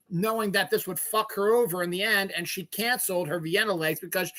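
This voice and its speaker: A man's voice: high-pitched, fairly even intonation, fairly quick, few pauses, sharp tone. A middle-aged man from Maryland hosting a solo podcast. He rambles and rants with constant swearing, and sometimes stops to search for words. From Maryland, USA. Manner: profane, ranting, swears constantly. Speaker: podcast host.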